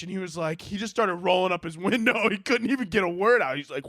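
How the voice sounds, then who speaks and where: A man's voice: high-pitched, a little fast, a bit bright, no echo, clean studio sound. A man hosting his own podcast, telling a story in casual, profane talk, laughing often and acting out both sides. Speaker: podcast host.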